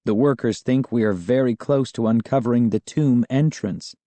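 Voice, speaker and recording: A man voicing a middle-aged archaeologist uncle who gives brisk instructions in a storybook reading. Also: medium pitch, dark tone, no room sound, lightly acted.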